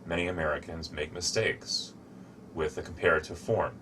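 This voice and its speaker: A man giving a slow, deliberate English grammar lesson, showing objects as he explains. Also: low voice, fairly even intonation, bright, forceful tone, slight background noise. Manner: shows objects to camera while explaining. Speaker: English teacher.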